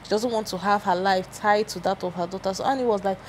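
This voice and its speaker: A woman's voice: mid-range voice, steady tone, quick pace, slight background noise. A woman giving a chatty, opinionated gossip recap, often restarting her sentences. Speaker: celebrity gossip vlogger.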